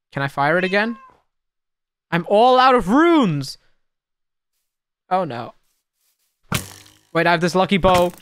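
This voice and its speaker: A young man giving casual, excitable gameplay commentary, talking to the creatures on screen and swinging between muttering and sudden shouts. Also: a little high, slight background noise. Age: young adult. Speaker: gaming YouTuber.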